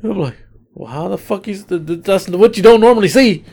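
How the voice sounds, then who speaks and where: A man co-hosting a casual podcast, telling relaxed stories about his rideshare rides. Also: high voice, brisk. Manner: relaxed storyteller, swears casually. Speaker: podcast co-host; rideshare driver. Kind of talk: casual chat.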